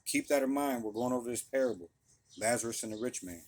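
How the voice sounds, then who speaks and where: A man with a mid-range voice gives an informal Bible lesson. He reads the scripture plainly, then unpacks it in easygoing everyday speech, peppered with quick check-ins to his audience. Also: mid-range voice, darkish tone. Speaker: Bible teacher. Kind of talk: casual Bible study teaching.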